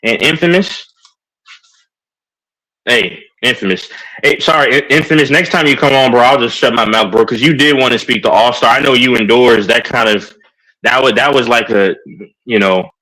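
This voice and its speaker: A man's voice: medium pitch, moderate pace, bright, forceful tone, poor audio. A man with a Texan accent, hosting a live stream in hyper, rambling casual chat while on a sugar rush. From Texas. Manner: hyper and rambling, with many fillers.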